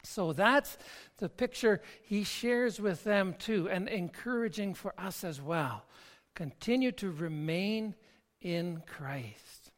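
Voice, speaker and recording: A pastor preaching an earnest, reflective sermon with a halting delivery that often repeats words. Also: medium pitch. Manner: slow, halting delivery with frequent word repeats.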